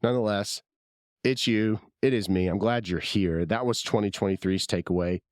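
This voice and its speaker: Male podcast host, very low voice with a sore throat, rambling and self-deprecating, dry close mic. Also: normal speed, dry recording. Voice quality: husky from illness. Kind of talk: casual solo podcast monologue.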